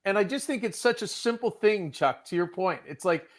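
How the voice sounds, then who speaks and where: A man's voice: high-pitched, animated, moderate pace. A man in a casual panel chat, talking in an upbeat, motivational way and urging listeners to reach out to others.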